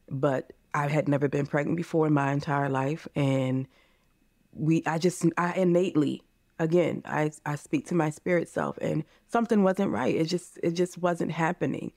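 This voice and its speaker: Recorded dry and at studio quality, a woman's deep, slightly mellow voice carries the conversation. The speaker, an American in her forties, is a podcast guest in a candid interview who speaks with passion and earnestness and often calls her listeners "you guys."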